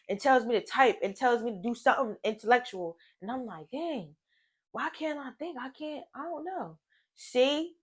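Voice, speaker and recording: A woman vlogger with a fairly high voice talks earnestly into the camera, piling up affirmations of gratitude in loose, slangy speech. The sound is dry and close, with no room around it. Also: a bit bright, dry recording. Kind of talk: motivational talk and music reaction vlog.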